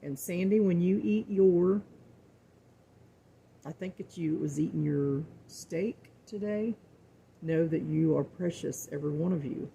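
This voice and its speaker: Middle-aged woman, gravelly and mellow, folksy faith talk to viewers, says things twice. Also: fairly low pitch, measured pace, slight background noise. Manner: earnest, folksy, repeats words for emphasis. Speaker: cooking show host.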